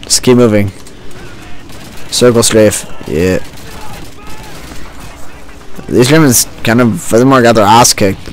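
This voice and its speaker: A man's voice: mid-range voice, moderate pace, slight background noise. A man hosting a let's-play, giving joking, sarcastic running commentary into a home desk mic with a homemade pop filter. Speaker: gaming channel host. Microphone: home desk mic with a homemade pantyhose pop filter.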